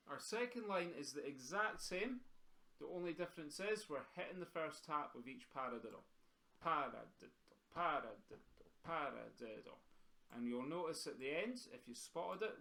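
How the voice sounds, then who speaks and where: A man's voice: a little high, a bit bright. A man with a Scottish accent teaching pipe band snare drumming over a video call, encouraging his students and counting beats aloud as he plays. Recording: echoey room with snare drumming.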